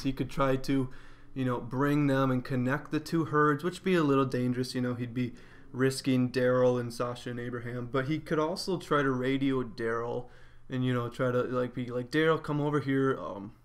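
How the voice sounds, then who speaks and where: A man giving a casual spoken episode review, rambling with lots of fillers. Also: mid-range voice.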